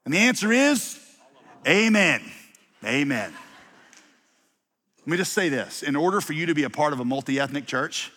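A man's voice: a little high, very animated, fast, hardly any pauses, fairly bright tone, in a large hall. A man preaching a sermon to his congregation, telling funny stories with stumbles and restarts. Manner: humorous storytelling with many restarts. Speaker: pastor.

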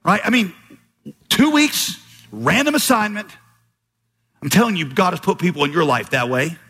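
Animated pastor in a reverberant hall. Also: male voice, sits high, moderate pace. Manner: storytelling with quoted voices, animated and emphatic. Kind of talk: sermon. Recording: long hall reverb, slightly husky.

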